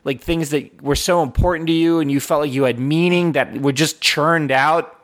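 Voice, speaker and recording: A man in casual chat, rambling and animated as he tells stories, swearing freely. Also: fairly high pitch, normal speed.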